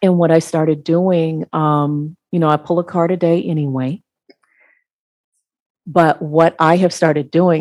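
A woman speaking as an interview guest, slow and earnest, halting and restarting as she reflects. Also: deep voice, fairly even intonation, darkish tone, no echo.

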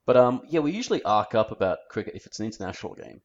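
An Australian man co-hosting a podcast in casual chat, relaxed and rambling, often repeating words as he thinks. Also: lowish voice, very fast. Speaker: podcast co-host. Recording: dull lo-fi sound.

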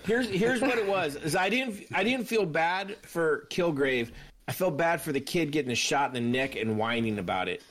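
Profane laughing podcast co-host, casual. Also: male voice, a little high, moderate pace. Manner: profane, laughing, animated storytelling. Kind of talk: casual chat.

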